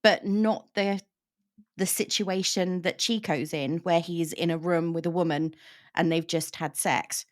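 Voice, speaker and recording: A woman with a somewhat low voice talks a novel through in relaxed conversation. She explains her points carefully, pausing to find the right words. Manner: explanatory, thoughtful. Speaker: book discussion host. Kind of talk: casual book chat.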